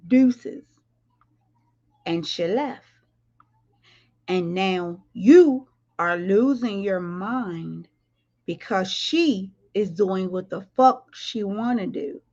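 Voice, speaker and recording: Speaking in a gravelly, darkish mid-range voice, this livestream commentary host talks casually but bluntly, swearing and addressing viewers directly. The sound comes across somewhat dull.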